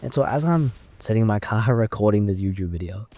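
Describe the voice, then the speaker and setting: A man's voice: lowish voice, lively intonation, fairly quick, dark tone. A man in his twenties talking off the cuff in a casual, rambling monologue, recorded inside his car. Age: 20s. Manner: unscripted, rambling, thinking aloud. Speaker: YouTuber.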